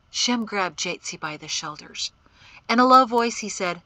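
A woman narrating an audiobook with a slow, expressive delivery. Her voice is bright and a bit high, with lively swings in pitch. The recording is dry and close. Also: no echo, poor audio. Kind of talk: scripted fiction narration.

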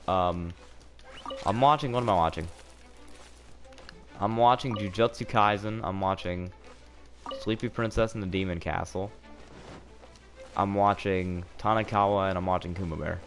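A man live-streaming a video game, rambling sarcastically and bursting out excitedly during fights. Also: sits low. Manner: sarcastic, self-mocking rambling with excited outbursts. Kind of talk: live gameplay commentary. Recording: game music playing under voice. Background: game music.

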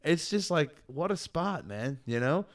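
A podcast co-host tells a travel story in a relaxed, profane way, sprinkling in plenty of "dude" and "man" during casual chat. His voice is a little high, expressive, and a little slow.

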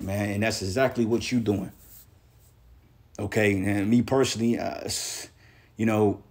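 A man's voice: on the low side, darkish tone. A man preaching a blunt, profane sermon, reading scripture aloud and confronting critics, peppering his speech with "man" and "bro".

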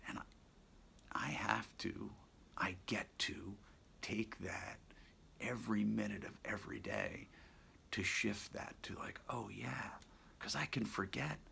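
Gravelly, deep man musing half-whispered. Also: huge pitch swings. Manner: soft-spoken, half-whispered, musing with pauses and self-corrections. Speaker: daily video blogger. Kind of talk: reflective personal monologue.

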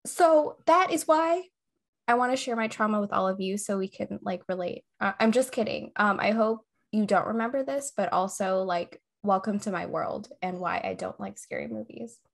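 A woman's voice: mid-range voice, fairly even intonation, brisk, vocal fry, hardly any pauses. A woman co-hosting a casual podcast, telling a scary story with suspense, swearing freely and breaking into giggles. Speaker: podcast co-host.

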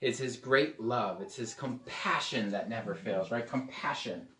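A man's voice: mid-range voice, measured pace, fairly bright tone. A man preaching a casual, joking sermon to a small group, now and then slipping into playful put-on accents. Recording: echoey room, mic at a distance.

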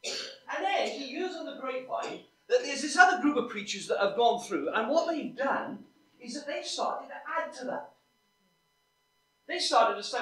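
A man's voice: very high-pitched, very animated, moderate pace, pushed and bright. A man preaching a sermon in a church, conversational and often asking the congregation questions. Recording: echoey church from a distance.

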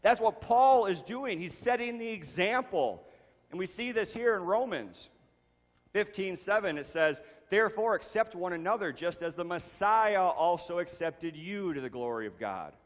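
A man's voice: high-pitched, expressive, moderate pace. A man preaching a sermon, reading scripture and then explaining it with emphatic repetition of key phrases. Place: church sanctuary. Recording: long reverb of a church hall.

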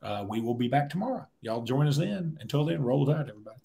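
A man's voice: mid-range voice, quick pace, creaky. Laid-back man telling stories. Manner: relaxed storyteller, laughs through stories. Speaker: podcast co-host. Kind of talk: casual sports talk.

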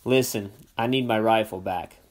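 A man reading aloud, voicing a nervous teenage boy who tries to sound calm. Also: fairly low pitch, normal speed, natural voice. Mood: tense.

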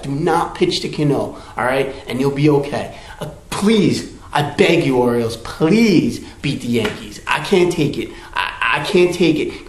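A man's voice: fairly high pitch, expressive, measured pace, few pauses, echoey room. A man delivering a comic pleading rant to the camera, a sports fan begging again and again with theatrical desperation. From New York area.

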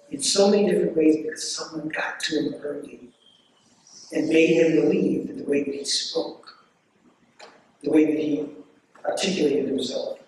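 A man giving an impassioned debate speech as guest speaker, driving his points home with repeated rhetorical questions and drawn-out stresses. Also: on the high side, a little mellow, a little hiss or hum. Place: debate hall. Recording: echoey hall from far off.

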